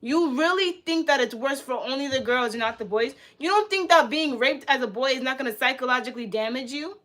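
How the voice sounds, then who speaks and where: A woman's voice: sits high, fairly quick, a bit bright. A young woman livestreaming, reacting in a heated, profane rant and repeating herself, in casual live-stream talk.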